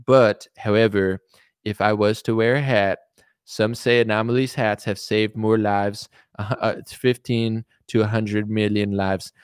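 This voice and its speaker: A man putting on a vain, blustering president who rambles through endless exaggerated boasts. The voice is smooth and full, recorded dry and close with no room sound. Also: on the low side, little pitch movement, a little slow, no room sound, lightly acted. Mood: boastful. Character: boastful male president impression, vain about hair.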